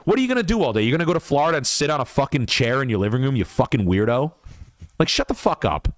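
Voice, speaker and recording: A man's voice: medium pitch, sing-song, fast, no echo. A man hosting a livestream podcast, ranting casually in a heated, profane way. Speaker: podcast host.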